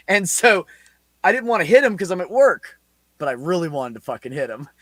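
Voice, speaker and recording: A man's voice: high-pitched, normal speed, dry recording. A man in his forties, a podcast host telling a story in casual, heavily profane chat. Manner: profane, animated anecdote with laughs.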